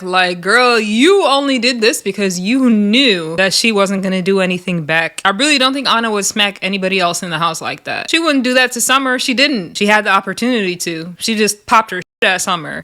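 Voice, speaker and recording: A woman's voice: medium pitch, bright, forceful tone. A young woman giving casual, sassy recap commentary on a reality show, laughing often as she retells the scenes. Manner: chatty and sassy, laughs often, quotes cast members.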